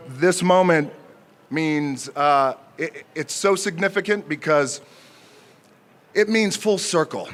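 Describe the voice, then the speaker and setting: A man in his forties giving an unscripted acceptance speech at an outdoor ceremony, joking and pausing often with fillers. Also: fairly high pitch, a bit bright. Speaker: speaker at an outdoor honor ceremony.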